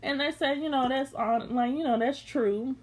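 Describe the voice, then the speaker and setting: A woman's voice: high voice, moderate pace, slight background noise. A young woman recapping a reality show in blunt, slangy, sassy chat, unscripted.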